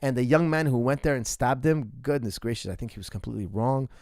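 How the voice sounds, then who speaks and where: A man's voice: mid-range voice, expressive, fast talker, a little mellow, no room sound, clean studio sound. A rambling, emphatic male coach. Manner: rambling and emphatic, with frequent restarts and asides. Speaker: martial arts coach answering viewer questions. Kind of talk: casual ask-me-anything chat.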